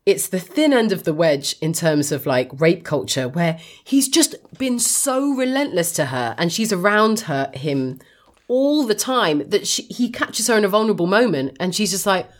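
A woman riffs on a film in casual podcast talk, her pitch swinging widely as she mimics the characters. She is blunt and quick to laugh. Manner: expressive, swears, mimics characters in high voices. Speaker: podcast co-host. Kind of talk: casual film review chat.

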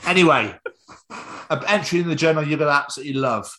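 A British man hosting a podcast, bantering casually, swearing freely and acting out little everyday scenes in quick put-on voices. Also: on the high side, lively intonation, bright, forceful tone. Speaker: podcast host.

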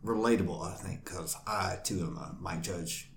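A man casually chatting as host, relaxed and agreeable, filling his thoughts with "like". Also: deep voice, normal speed, background noise. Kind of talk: casual interview chat. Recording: echoey room with crowd behind.

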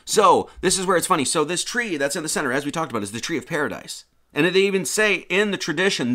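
A man's voice: a little high, sharp tone. A man hosting a livestream, giving a casual lecture in a mocking, slangy way. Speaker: livestream host.

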